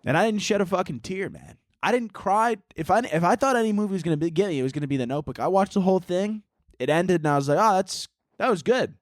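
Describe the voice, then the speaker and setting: A man's voice: high voice, lively intonation, quick pace, dry recording, clean studio sound. A man hosting a solo comedy podcast, rambling goofily and slipping into mock-dramatic narration. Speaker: podcast host.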